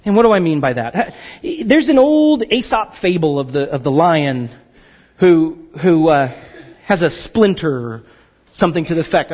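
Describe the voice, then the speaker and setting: A man preaching a sermon as pastor, animated and joking, sometimes acting out the voices of the people he quotes. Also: high-pitched, big-room sound, muffled recording.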